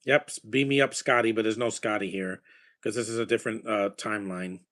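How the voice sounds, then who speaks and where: His voice sits on the lower side, steady in tone and fairly bright, and he talks fairly quickly. He's a man giving reactions as he watches a movie, chatting casually and gushing about films and their scores.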